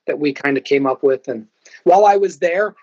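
Guest storyteller: a man with a fairly high voice, animated and quick to laugh, in a dry, close sound. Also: no room sound, highs cut off. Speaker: podcast guest. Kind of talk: casual storytelling chat.

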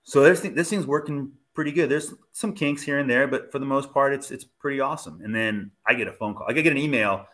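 A man guest telling a story in casual chat, animated and laughing as he goes. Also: mid-range voice, fast, few pauses. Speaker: podcast guest, medical team member for motocross.

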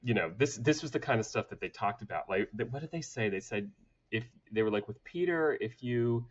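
A man's voice: fairly low pitch, animated, fast talker. A middle-aged man from Atlanta, a podcast guest telling candid stories with many fillers and restarts. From Atlanta, southern United States. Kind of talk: candid conversational storytelling. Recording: dull lo-fi audio.

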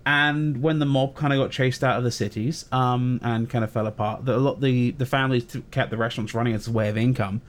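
A man's voice: mid-range voice, fairly even intonation, brisk, few pauses. A man from Pennsylvania co-hosting a podcast, explaining things in an easygoing, wry way. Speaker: podcast co-host. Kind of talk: casual chat.

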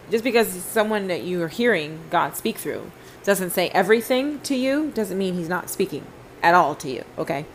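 A woman's voice: fairly low pitch, fairly bright tone, slight background noise, poor audio. A woman hosting a podcast, giving a fervent, emphatic spoken testimony and repeating phrases for stress. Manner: talks to listeners and to God in turn. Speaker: podcast host.

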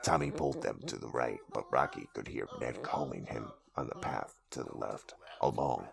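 A man narrating a comedy audio drama in a deadpan, steady manner. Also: rumbling low, normal speed, creaky, crowd noise.

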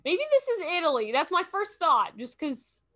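A woman playing a guessing game, chatting casually and thinking out loud, often correcting herself mid-sentence. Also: very high voice, big pitch swings, moderate pace. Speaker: game streamer. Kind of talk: casual gameplay chat.

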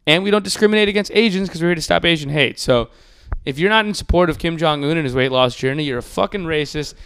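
A man's voice: a little high, quick pace, a bit bright, clean tone. A young man co-hosting a casual comedy podcast, crude and joking, swearing and laughing often. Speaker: podcast co-host.

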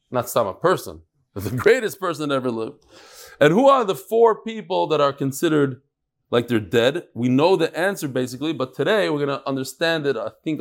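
Bantering rabbi with a raised voice. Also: male voice, fairly high pitch, gravelly. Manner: joking, bantering with the room. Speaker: rabbi teaching a daily class. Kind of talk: casual Torah class. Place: study hall with a live audience.

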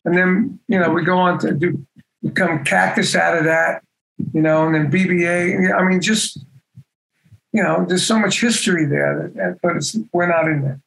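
An older man with a raised, gravelly voice talks loosely as an interview guest. He wanders through his points and fills gaps with "you know." The tone stays casual and conversational throughout. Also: high voice, fairly even intonation, normal speed, fairly bright tone, low-quality recording. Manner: rambling, full of "you know" fillers. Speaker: guest musician.

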